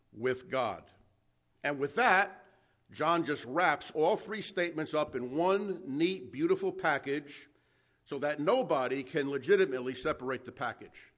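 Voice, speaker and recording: A man's voice: a little high, fairly bright tone. A man preaching an expository sermon, teaching a Bible text with emphasis, stretching out key words and asking his listeners questions.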